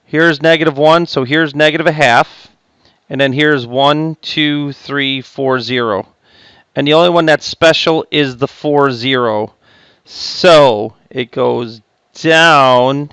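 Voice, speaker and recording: A man's voice: a little high, slow, fairly bright tone, clean tone, dry recording. Chatty man teaching a math lesson. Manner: chatty, self-interrupting, jokey asides. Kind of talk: recorded classroom lecture.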